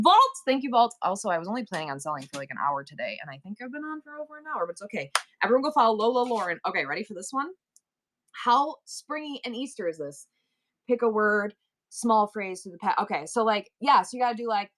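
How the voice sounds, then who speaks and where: A woman's voice: medium pitch, lively intonation, quick pace, fairly bright tone. Chatty woman chanting auction numbers. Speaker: live-stream seller. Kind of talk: casual live-stream chat.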